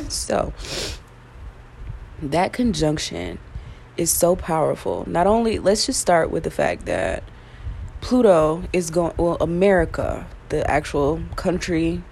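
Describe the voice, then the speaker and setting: A woman with a low, gravelly voice talks through a self-recorded vlog, drifting from thought to thought in a loose, frank way and cursing without a second thought. She is getting over an illness, so coughs and yawns slip in. A faint hiss sits under the recording. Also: big pitch swings, slow, darkish tone. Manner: rambling, frank, swears casually. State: recovering from illness, yawning and coughing. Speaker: vlogger. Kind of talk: casual spoken monologue.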